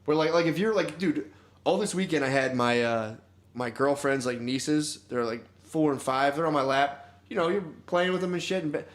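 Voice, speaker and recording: A man's voice: fairly high pitch, moderate pace. A young man co-hosting a podcast, telling profane, laughing anecdotes in casual chat and saying "dude" a lot. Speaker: podcast co-host.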